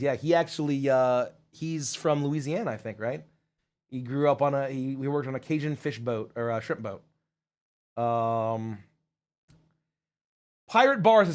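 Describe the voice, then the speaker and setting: A man who is a voice actor and show host runs a casual livestream Q&A, rambling through viewer questions as he reads the chat. His mid-range voice is expressive and unhurried.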